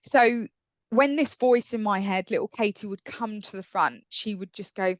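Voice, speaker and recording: A woman's voice: medium pitch, normal speed, no room sound. A woman speaking as a podcast guest, telling her personal story earnestly and acting out the voices in her head. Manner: earnest, acts out inner dialogue.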